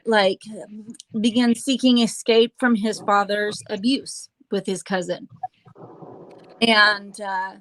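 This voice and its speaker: A woman hosting a casual true-crime chat, halting with fillers and restarts and dropping sarcastic asides. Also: fairly high pitch, slight background noise, rough recording. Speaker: host.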